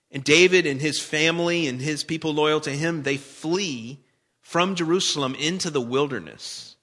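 Bright-voiced male preacher in a hall. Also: fairly high pitch. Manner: conversational, asks the congregation questions. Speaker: pastor. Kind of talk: sermon.

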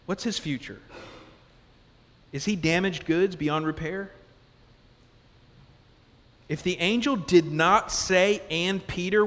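A man preaching a sermon as pastor, conversational and animated, asking the congregation question after question. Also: high-pitched. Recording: long reverb of a large hall.

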